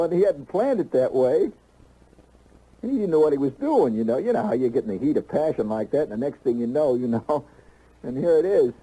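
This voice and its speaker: Husky-voiced man telling a rambling story. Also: medium pitch, dark tone, poor audio. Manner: folksy and rambling, full of "you know" and restarts. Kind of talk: rambling comic storytelling monologue.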